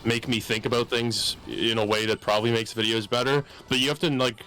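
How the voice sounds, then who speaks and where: Regular-pitched guy thinking out loud on a game podcast, lots of "like"s, calm and reflective. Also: brisk, soft background music. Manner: thoughtful, reflective, hedging with 'like'. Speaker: podcast guest who makes videos. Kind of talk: casual chat.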